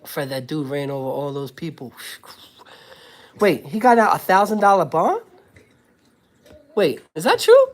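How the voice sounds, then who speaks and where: A man's voice: fairly high pitch, sing-song, a little slow, long pauses. A man hosting a casual livestream while sick and coughing, loose and profane, greeting viewers by name and talking to his little son. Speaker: livestream host, former prisoner. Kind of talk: casual live-stream chat with viewers.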